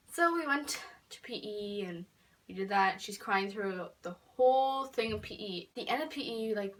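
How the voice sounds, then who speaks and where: A teenage girl telling a story in a casual vlog, chatty and full of fillers, dropping to whispers and then bursting out loud. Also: mid-range voice, recorded from a distance. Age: teens. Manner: chatty, filler-heavy, swings between whispered asides and loud outbursts. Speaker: vlogger.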